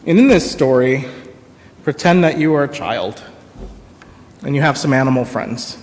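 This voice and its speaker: A man giving a sermon as minister, in a slow, reflective, pausing storytelling manner. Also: mid-range voice, expressive, a little mellow. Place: church sanctuary. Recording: long reverb of a church sanctuary.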